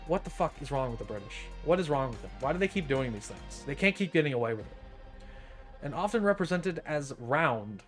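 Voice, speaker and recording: A man's voice: fairly high pitch, big pitch swings, fairly quick, a bit bright, soft background music. A young man streaming, reading an article aloud and riffing on it in a profane, incredulous, joking way. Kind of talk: casual reading and commentary.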